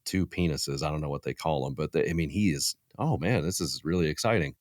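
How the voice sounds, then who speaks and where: Deep-voiced animated male storyteller. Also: fairly quick, dry recording, studio quality. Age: 30s. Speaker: podcast guest. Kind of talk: casual storytelling chat.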